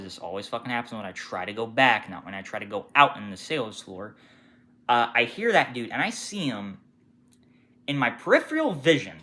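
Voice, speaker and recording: A young man casually ranting about his retail job, swearing freely and mimicking customers with sudden shouts. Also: fairly low pitch. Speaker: retail worker telling customer stories. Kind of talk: casual storytime rant.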